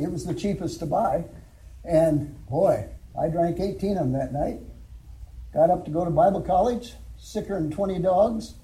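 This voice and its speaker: A man's voice: high-pitched, dark tone, poor audio. An older man, a former alcohol counselor, telling his testimony and preaching in a folksy storytelling way with chuckles. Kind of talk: church testimony and sermon.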